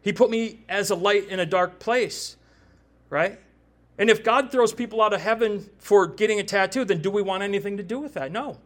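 A man's voice: high-pitched, moderate pace. A man in his forties preaching a sermon with personal testimony, talking conversationally and animatedly and often checking in with "right?". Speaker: preacher and tattoo artist.

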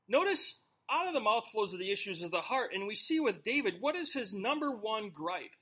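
A man with a notably high voice leads a sermon, moving between reading scripture aloud and explaining it in a loose, conversational way. His delivery is animated and informal, like a pastor talking with his congregation. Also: moderate pace, few pauses. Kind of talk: expository sermon.

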